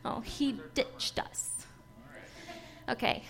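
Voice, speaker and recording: A woman's voice: drawn-out words, a bit bright. A woman giving a personal testimony sermon to a church gathering, telling her story earnestly and with feeling, breaking into light laughs.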